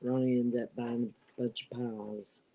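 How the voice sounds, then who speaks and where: A woman's voice: very deep voice, little pitch movement, unhurried, background noise. A middle-aged woman chatting casually from home while crafting, easygoing and laughing as she talks. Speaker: live stream guest.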